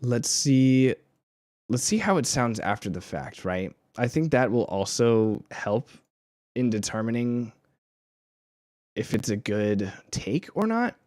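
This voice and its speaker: A man chats on a live stream in an unhurried, rambling way, full of fillers and little self-mocking laughs. His pitch swings freely up and down as he talks. The sound is dry and close, with no room around it. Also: very animated, darkish tone, no room sound. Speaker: music streamer. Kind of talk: casual live-stream chat.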